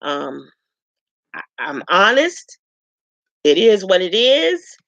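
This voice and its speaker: A woman from Chicago introduces herself to viewers in a frank, chatty way, filling her pauses with ums. Her voice has a gravelly edge. The recording is dry and a little dull, with no room sound. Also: mid-range voice, very animated, a bit bright, no room sound. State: tearful at times. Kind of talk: casual self-introduction to camera.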